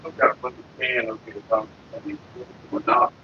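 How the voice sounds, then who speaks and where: A man from Florida streaming casually from his computer desk, cussing and ranting loudly. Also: mid-range voice, wildly swooping pitch, brisk, slight background noise. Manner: profane, cussing out bugs. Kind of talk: casual livestream rant. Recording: dull lo-fi stream audio.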